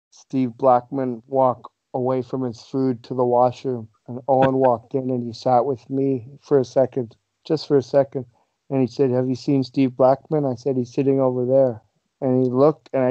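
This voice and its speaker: A man, a guest on the show, telling stories in an animated way and laughing as he goes. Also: mid-range voice, dry recording. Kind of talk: casual storytelling. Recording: dull lo-fi sound.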